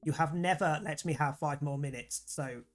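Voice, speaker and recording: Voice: medium pitch, normal speed, faint music behind, lightly acted. A streamer reading the lines of a blunt, dry-humoured teenage daughter in a dating game, with a near-everyday voice.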